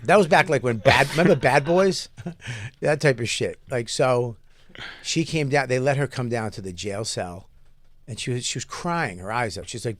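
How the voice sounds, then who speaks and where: A man's voice: mid-range voice, lively intonation, normal speed, a bit bright, no echo. A middle-aged man telling a loose, profane story in casual chat as podcast co-host, with many restarts.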